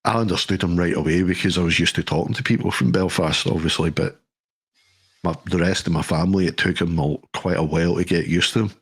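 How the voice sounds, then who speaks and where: A middle-aged man talks in a fairly low voice. He chats casually, swearing and telling jokey anecdotes. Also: steady tone, fast talker, breathy edge. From Scotland. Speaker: podcast co-host. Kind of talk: casual chat.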